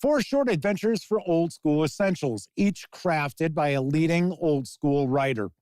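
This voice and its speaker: A man hosts a live tabletop gaming news show, reading out releases and tossing in his own chatty asides to the chat. His voice sits a little high for a man. The sound is dry and close, with no room around it. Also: a little slow, a little mellow, clear, resonant tone, dry recording. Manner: chatty, reads news then riffs on it, answers chat comments. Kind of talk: casual live-stream news commentary.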